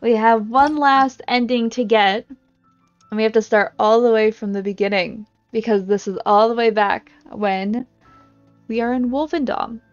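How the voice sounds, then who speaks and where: A woman's voice: fairly high pitch, steady tone, a little slow, dry recording. A woman streaming a game, commenting wryly and reading her dialogue choices aloud. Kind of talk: gameplay commentary. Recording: slightly dull recording with game music.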